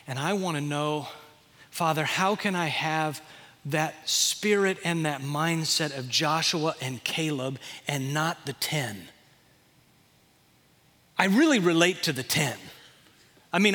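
A pastor preaching in a folksy, animated way, acting out quotes. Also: male voice, a little high, big-room sound. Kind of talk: sermon.

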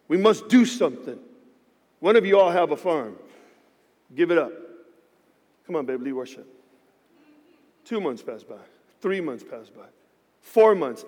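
Man, pastor, sermon storytelling, animated and dramatic, high voice, church reverb. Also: unhurried, long pauses. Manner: animated, acts out dialogue, swings from hushed to shouting. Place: church sanctuary. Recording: hall reverb.

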